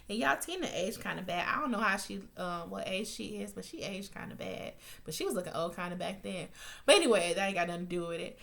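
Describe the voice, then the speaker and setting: A woman recapping a TV episode in loose, unscripted chat. She is blunt and swears freely, fills gaps with um and like, and her voice jumps up when an opinion gets her going. Her pitch sits in the middle range. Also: brisk, gravelly. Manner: chatty and blunt, swears freely, rants with rising heat, many fillers. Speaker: TV recap reviewer. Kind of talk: casual spoken episode recap.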